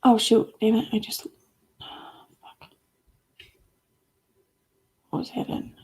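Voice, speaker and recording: Woman, livestream host, gravelly voice, dark tone, rambling casual chat. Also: fairly high pitch, flat delivery, brisk. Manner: rambling, reads chat aloud, casual swearing.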